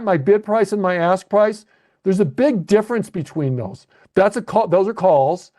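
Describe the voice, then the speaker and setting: Man, high voice, options trading coach, live webcast, explains step by step, thinks out loud. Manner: explanatory, thinks aloud with restarts and checks like "okay?". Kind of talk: live webcast lesson walking through trades on screen. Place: at a computer narrating a screen share.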